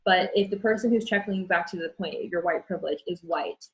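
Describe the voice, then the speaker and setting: A woman's voice: fairly low pitch, fairly quick, poor audio. A young woman speaking as an interview guest, frank and earnest, often restarting her sentences. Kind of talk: candid conversation.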